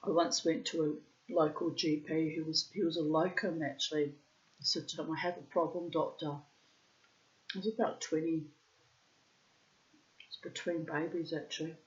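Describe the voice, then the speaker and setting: Frank, rambling New woman. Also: deep voice. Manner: frank, rambling, swears freely. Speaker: vlogger. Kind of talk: candid storytelling monologue. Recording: slightly dull lo-fi sound.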